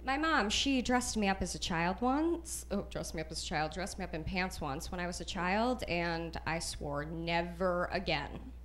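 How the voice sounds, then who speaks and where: A woman's voice: fairly low pitch, expressive, moderate pace, few pauses, fairly bright tone, a little hiss or hum. A woman doing a stand-up routine on a comedy club stage into a handheld mic, delivering sassy, ironic one-liners.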